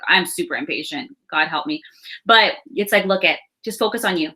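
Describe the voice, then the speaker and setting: A woman in her thirties gives a casual astrology and tarot reading to camera, reassuring and warm-hearted, chatting with laughs and sighs between her thoughts. Her voice is fairly low, animated, and a little fast.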